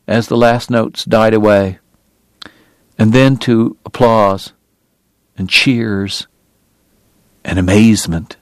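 A man's voice: fairly low pitch, dry recording. A man narrating an audiobook in a lyrical, dramatic style that builds in intensity.

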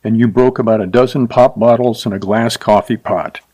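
A man's voice: medium pitch, steady tone, normal speed, dark tone, natural voice. A man voicing a feisty young woman in her twenties who speaks sharply and accusingly in a storybook reading.

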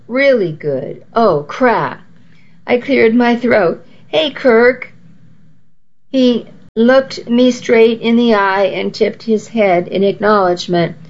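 Woman, audiobook narration, wry and self-mocking, slow and measured, slightly muffled recording. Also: mid-range voice. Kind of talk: first-person audiobook narration.

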